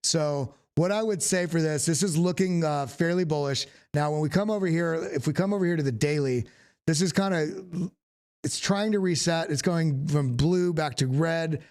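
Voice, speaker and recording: A man's voice: on the high side, moderate pace, a little mellow. A man from the Southern United States hosting a live stream, talking casually through market charts and often restarting his sentences. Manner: casual, thinking aloud with frequent restarts. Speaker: host. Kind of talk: live technical chart analysis.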